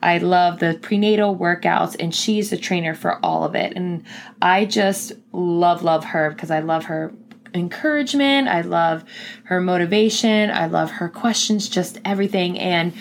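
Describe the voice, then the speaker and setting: Chatty, earnest young woman, lowish voice. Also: normal speed, creaky. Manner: chatty, earnest, many fillers. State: pregnant. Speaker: podcast host. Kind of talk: casual personal talk.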